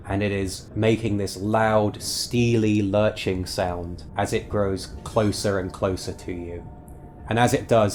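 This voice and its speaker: Guy game master narrating, lowish voice, slow with lots of ums, soft music under it. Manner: slow descriptive narration with fillers.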